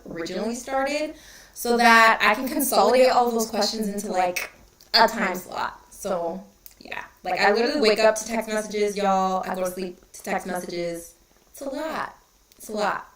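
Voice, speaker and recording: A woman chats live to her viewers from a room with a noticeable echo. She talks in a candid, easygoing way, greets people by name and sometimes drops her voice to a hush. Her pitch sits mid-range for a woman. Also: normal speed. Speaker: spiritual reader and livestream host. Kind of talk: casual livestream chat.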